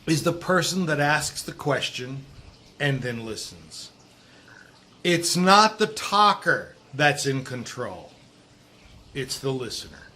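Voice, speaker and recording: A middle-aged man giving sales coaching to camera outdoors, talking emphatically with drawn-out stresses and dropping low at times. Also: pushed and bright. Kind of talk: direct-to-camera coaching talk. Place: outdoors in a breezy warm place. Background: wind noise.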